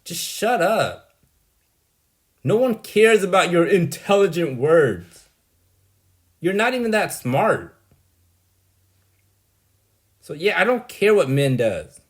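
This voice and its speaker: A man's voice: sits high, very animated, slow, pauses often. A man delivering a rambling, blunt monologue, dismissive and exasperated, often tagging "right?" onto his points. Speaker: vlogger.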